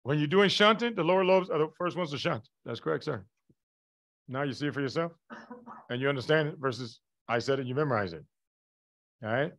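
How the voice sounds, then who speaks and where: A man with a somewhat high voice, lecturing a class in a lively, emphatic way. He often stops to check that everyone follows, calling on the students by name. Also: brisk, pauses often. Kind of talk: live online lecture.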